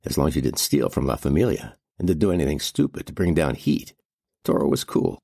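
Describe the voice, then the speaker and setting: Very deep gravelly male narrator. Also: expressive, fairly quick, warm tone, dry recording, clean studio sound. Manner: gritty crime narration. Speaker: audiobook narrator. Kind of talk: scripted narration.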